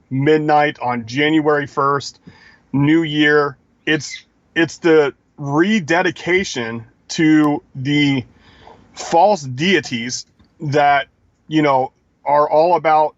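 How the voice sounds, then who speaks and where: A man's voice: on the high side, no room sound, highs cut off. A man co-hosting a live stream, lecturing emphatically in casual talk. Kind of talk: casual talk-show commentary.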